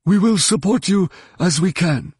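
A wheezing alien fleet commodore, put on by a male narrator, speaks in stiff, formal military phrasing. The voice is pitched high and breathy with a steady regret behind it. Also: normal speed, no room sound, clean studio sound, full character voice. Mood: regretful.

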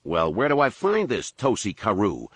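Guy voicing a muttery doubtful captain, lively delivery, dry. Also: on the low side, moderate pace, breathy edge, dry recording, full character voice. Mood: skeptical. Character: skeptical, grumbling grown man, a ship captain. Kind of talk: audiobook character reading.

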